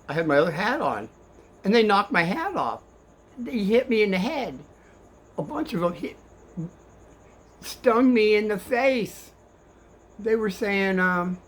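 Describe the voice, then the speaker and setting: An older man telling kids a story in a rambling, animated way, swinging between hushed and excited. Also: high-pitched, unhurried, long pauses.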